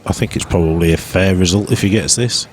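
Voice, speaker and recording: Low-voiced man commentating pool. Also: quick pace, darkish tone. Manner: jokey, chuckling, dry British humour. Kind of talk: casual live commentary banter.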